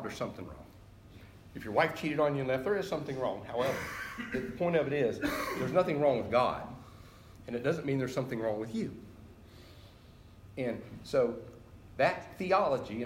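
A man's voice: mid-range voice, a little hiss or hum. An older man preaching a sermon in a conversational, emphatic way, with sudden rising bursts. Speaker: pastor. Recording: very echoey hall, heard from a distance.

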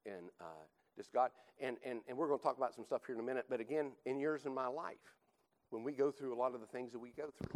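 Brief: male Bible teacher preaching to a class, emphatic, repeats himself, mid pitch. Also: fast talker, poor audio. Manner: emphatic, repeats points, rhetorical "right?". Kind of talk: teaching sermon.

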